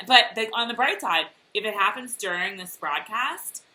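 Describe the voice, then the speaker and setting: Woman co-host, casual chat on a video call, animated and bright, many "um"s. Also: mid-range voice, unhurried, low-quality recording. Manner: giggly, rambling with many fillers. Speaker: podcast co-host.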